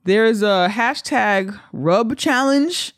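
A woman's voice: a little high, expressive, slow pace, no room sound, clean studio sound. A woman co-hosting a podcast in casual chat, rambling and emphatic as she airs her complaints. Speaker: podcast co-host.

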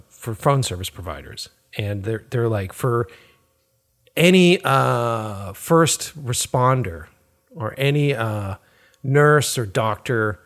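A man in his forties rants sarcastically in a casual podcast chat, swearing freely. His pitch swings widely as he talks. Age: 40s. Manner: profane, ranting, sarcastic. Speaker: podcast co-host.

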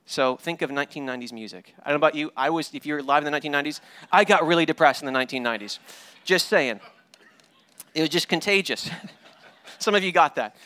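A man preaching a sermon as pastor, animated and storytelling, often repeating words as he restarts. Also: a little high, dry recording. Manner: animated storytelling with paraphrased dialogue; frequent word repeats and restarts.

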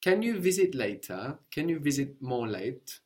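A man's voice: mid-range voice, sing-song, a little slow. A man teaching a spoken language lesson, patiently explaining sounds and prompting his learner with questions.

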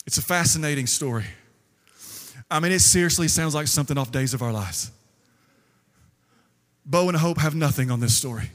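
A male pastor preaching a sermon, telling stories lively and acting out the quotes. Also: a little high, normal speed, long pauses. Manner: lively storytelling with acted quotes. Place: church sanctuary. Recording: long hall reverb.

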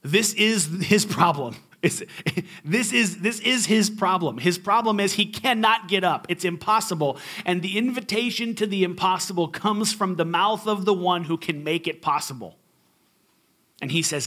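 A man's voice: high voice, unhurried, pushed and bright. A male pastor preaching a sermon in a conversational, humorous and emphatic way.

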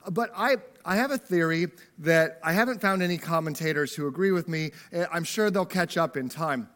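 A fairly high-voiced man preaching to a church congregation. He keeps the sermon loose and conversational, slipping in jokes. He often tags his points with a quick "right?". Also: fairly bright tone. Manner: casual, joking, tags lines with "right?". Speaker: pastor. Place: church service before a congregation.

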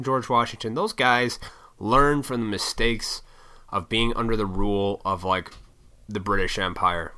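A man ranting casually and profanely, mocking people with put-on high voices. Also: pushed and bright. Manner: profane, sarcastic, mocks others in high voices. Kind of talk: casual rant.

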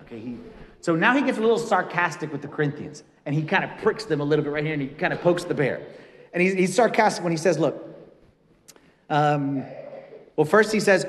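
High-voiced priest preaching in echoing church. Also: male voice. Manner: animated, conversational preaching with casual asides. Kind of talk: sermon.

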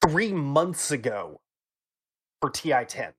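Casual male podcast host, halting. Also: mid-range voice, big pitch swings, a bit bright, breathy edge. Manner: hesitant, lots of ums, teasing. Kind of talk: casual gaming news chat.

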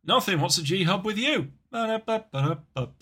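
A man's voice: medium pitch, very animated, a little fast, fairly bright tone, breathy edge. A man co-hosting a podcast, chatting casually with playful, rambling jokes. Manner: playful, rambling, jokey asides. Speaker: podcast co-host. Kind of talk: casual chat.

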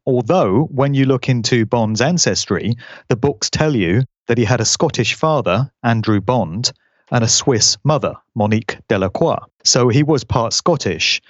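A man talks through a subject in a measured, explanatory way. His voice sits low, and the recording is dry and a little dull, like a lo-fi remote feed. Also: no room sound. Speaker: guest commentator. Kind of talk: conversational commentary. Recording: dull lo-fi audio.

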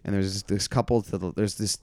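Animated comedian man in his thirties. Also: fairly low pitch, fast talker, no room sound. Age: 30s. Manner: animated storyteller, acts out hecklers in loud squeals. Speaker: comedian guest. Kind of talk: casual podcast chat.

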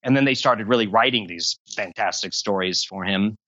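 As a guest in a casual interview about voice acting, a man with a somewhat low, slightly bright voice talks at normal speed, rambling on at length and poking fun at himself. The audio has no echo but sounds dull.

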